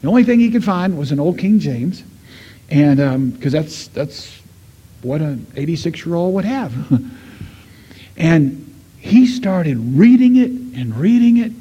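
A middle-aged man preaching a sermon, telling a story and voicing the people in it, swinging from loud to hushed. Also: a little high, lively intonation, a little slow, breathy edge. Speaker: pastor.

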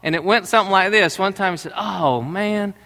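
A man's voice: high voice, steady tone, racing, sharp tone, big-room sound. A middle-aged man, preaching a conversational sermon and telling stories to his congregation. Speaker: pastor.

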